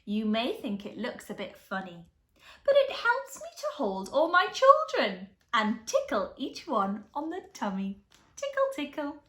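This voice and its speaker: Storybook mother octopus, playful and tickling, read by a woman, lively pitch, roomy. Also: measured pace, full character voice. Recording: echoey room.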